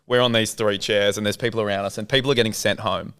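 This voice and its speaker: Low, smooth Australian man, laid-back. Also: steady tone, fast talker, a bit bright. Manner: laid-back, loose, casual swearing. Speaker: filmmaker guest. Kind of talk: casual storytelling interview.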